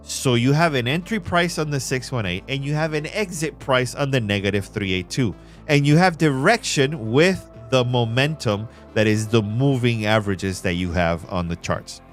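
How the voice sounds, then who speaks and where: Slangy, hyped-up male trading streamer. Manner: casual, slangy, calls viewers bro and my man; emphatic, hype-driven pitch to viewers. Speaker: livestream trading host. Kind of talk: live chart walkthrough and chat shout-outs.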